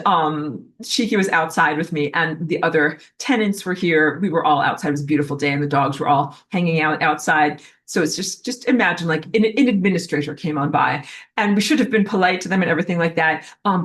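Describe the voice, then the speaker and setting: A woman's voice: sits low, fairly quick. A woman giving a casual, rambling spiritual talk from home, full of fillers like "like" and "um". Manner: rambling, heavy use of fillers like "like" and "um". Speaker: spiritual teacher. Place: indoors at home, in an apartment.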